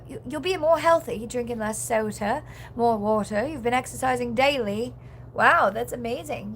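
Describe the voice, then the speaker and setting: Young woman streamer, high voice, chatty and rambling, fillers everywhere; casual chat with viewers. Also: fairly bright tone, slight background noise. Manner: reads chat comments aloud. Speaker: livestreamer.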